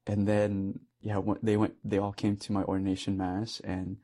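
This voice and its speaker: A young priest talks through a personal story in a relaxed, conversational way. He is earnest and laughs often, and his voice sits a little low. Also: normal speed. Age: young adult. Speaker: Catholic priest.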